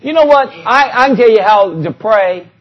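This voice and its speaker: Preacher guy, high voice, chatty animated sermon, muffled lo-fi sound. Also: normal speed. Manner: animated, conversational preaching with quoted scripture.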